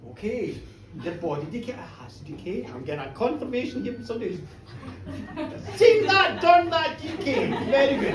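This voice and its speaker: A middle-aged woman telling a comic folk tale live, cheeky and animated, chatting with her audience. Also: high voice. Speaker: storyteller. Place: pub bar, live show. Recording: roomy pub, from a distance, faint room noise.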